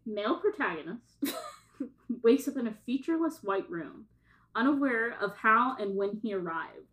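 A woman co-hosting a casual comedy podcast with friends. She laughs easily and reads blurbs aloud with dramatic pauses, in a slightly high voice. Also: animated, fairly bright tone, poor audio. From American South. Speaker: podcast co-host. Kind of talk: casual chat and reading descriptions aloud.

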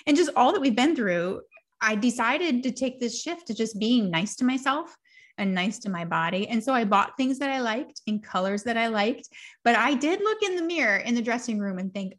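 A woman's voice: a little high, animated, normal speed, a bit bright. A woman in her forties hosting a podcast, chatting casually and reflectively, laughing now and then as she talks. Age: 40s. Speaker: podcast host.

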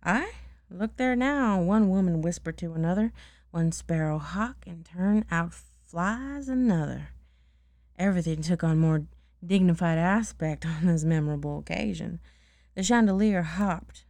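Woman, gravelly low voice, mellow tone, casual bedtime storybook reading, dry close sound. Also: dry recording. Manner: pauses to check words and laugh at her own slips.

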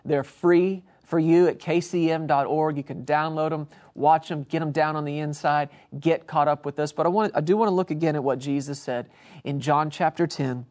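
A man's voice: fairly high pitch, fairly even intonation, moderate pace, darkish tone. A man hosting a Christian broadcast, preaching earnestly and emphatically with repeated phrases. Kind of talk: televangelist sermon.

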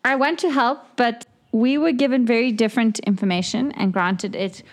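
A woman's voice: a little high, moderate pace. A woman player speaking in character during a tabletop game, earnest and chatty. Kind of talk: casual tabletop role-play.

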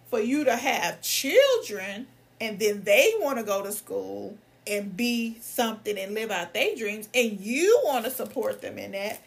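High bright voice, young woman, heated profane rant, strained from coughing. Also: husky. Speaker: lawyer and vlogger. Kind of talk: angry ranting monologue.

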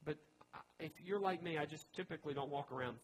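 Higher-voiced man preaching conversationally. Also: fast, a little hiss or hum, low-quality recording. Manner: chatty and joking, with asides to the listeners. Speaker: pastor. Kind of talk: conversational teaching sermon.

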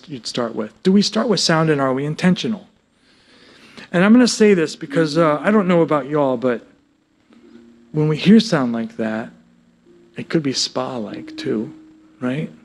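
A man who works as a music therapist, presenting a workshop to a live audience in an animated, joking way, often asking the audience questions. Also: on the high side. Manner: animated and joking, breaks into sung snippets; asks the audience frequent questions.

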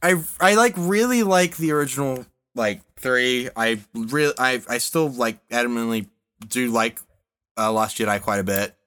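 Man, podcast co-host, mid pitch, lively intonation, quick reactions, casual. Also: clear, resonant tone. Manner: quick reactive interjections, teasing. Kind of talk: casual chat.

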